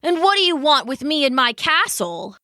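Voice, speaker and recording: A woman's voice: high-pitched, sing-song, moderate pace, bright, forceful tone, no echo, studio quality, pitched above the performer's own voice, exaggerated voice. A woman voicing a grumpy, imperious male fly who rules a tiny castle, scoffing at visitors. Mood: haughty grumpy.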